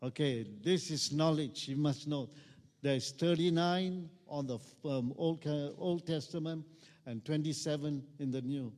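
Male pastor preaching, fairly high voice, call-and-response, reverberant church hall. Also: measured pace, darkish tone. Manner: call-and-response preaching, rising to emphatic peaks. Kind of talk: sermon.

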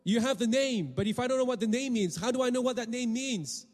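A man's voice: extremely high pitch, fairly quick, darkish tone, in a large hall. A man preaching a sermon to a congregation, often asking them questions and repeating words as he goes. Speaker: pastor.

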